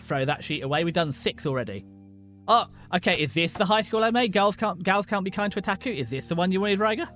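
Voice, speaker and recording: Brief: young British man, rapid rambling stream host, slightly high voice, faint music under. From Britain. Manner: rambling, excitable, jokey with many restarts. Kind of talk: casual livestream chat.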